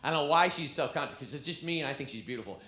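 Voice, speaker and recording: A man performing a stand-up comedy set on a club stage, telling stories with an animated delivery. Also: on the high side, rapid-fire. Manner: animated storytelling, breaks into laughs. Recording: echoey club with background noise.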